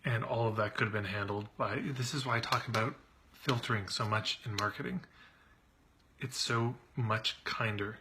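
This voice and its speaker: A man's voice: fairly low pitch, steady tone, moderate pace, bright, forceful tone, a little hiss or hum. A middle-aged man who coaches on marketing, venting in a casual monologue, frustrated and exasperated, repeating himself when he gets worked up.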